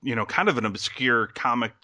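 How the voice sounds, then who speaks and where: A man's voice: medium pitch, expressive, fairly quick, pushed and bright, no echo, clean studio sound. A man with a Midwestern American accent hosting a casual podcast, rambling with lots of fillers and restarts. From Midwestern United States. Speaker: podcast host.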